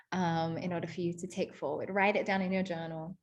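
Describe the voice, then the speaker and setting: A woman leading a guided spiritual workshop, talking in a gentle, affirming way with casual fillers. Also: lowish voice, steady tone, brisk. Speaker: workshop facilitator.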